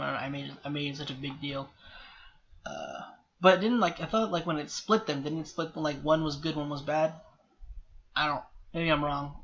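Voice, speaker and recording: Bright-voiced rambling male reaction vlogger. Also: a little high, creaky. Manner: rambling, self-correcting, apologetic. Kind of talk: rambling solo reaction commentary. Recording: slightly dull lo-fi sound with faint background hiss.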